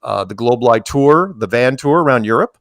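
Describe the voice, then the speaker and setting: A man's voice: medium pitch, moderate pace, dry recording, clean studio sound. An American man as an interview guest in a casual podcast chat, telling stories and acting out quoted voices. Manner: animated storyteller, acts out quoted voices.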